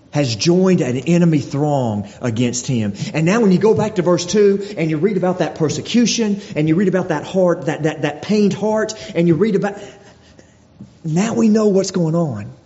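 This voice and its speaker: Preacher in a dull reverberant hall. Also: male voice, fairly high pitch, dark tone. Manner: earnest, repeats phrases, stumbles and restarts. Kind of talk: sermon.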